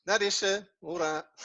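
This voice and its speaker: Slow-spoken Dutch man teaching. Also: sits high, bright, forceful tone, muffled recording. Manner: patient, explains step by step with repetition. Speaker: Hebrew teacher. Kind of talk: online language lesson.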